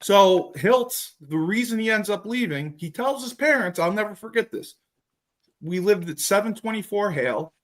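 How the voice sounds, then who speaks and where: A man hosting a podcast, telling profane, animated stories and acting out what others said in casual chat. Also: high-pitched, moderate pace. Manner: profane, animated storytelling with acted quotes. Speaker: podcast host.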